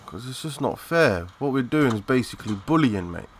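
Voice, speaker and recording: A young man giving live, excitable commentary over a shooter game, swearing and chatting in slang. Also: medium pitch, moderate pace, a little hiss or hum. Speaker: gaming commentator.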